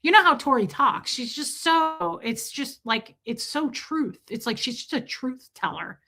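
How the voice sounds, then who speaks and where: A woman's voice: sits high, animated, measured pace, bright, forceful tone. A woman talking candidly on her livestream, confessional and emotional, rambling with restarts. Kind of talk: candid personal monologue.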